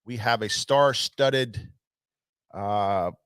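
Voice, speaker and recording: A man's voice: lowish voice, extremely slow, a bit bright, smooth, no room sound, studio quality. A man hosting a live fishing tackle show, calling out viewers by name with lots of energy and loose filler words. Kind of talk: casual live-stream hosting.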